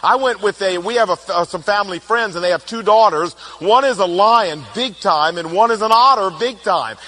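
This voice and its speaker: A middle-aged man giving a humorous, animated talk, telling family stories and acting out quotes. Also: sits high, moderate pace. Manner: animated storytelling, playful, acts out quotes. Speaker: speaker on personality types.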